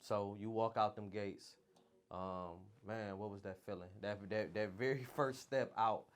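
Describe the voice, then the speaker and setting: A man's voice: lowish voice, steady tone, measured pace. A man interviewing a guest in a casual chat, mostly answering with short supportive affirmations.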